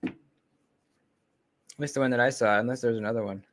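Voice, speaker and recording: Speaking close to a desk microphone, this knife channel host keeps his livestream chat casual. His mid-range voice wanders along with lots of ums, frequent pauses and sentences that fade out, all in a relaxed manner.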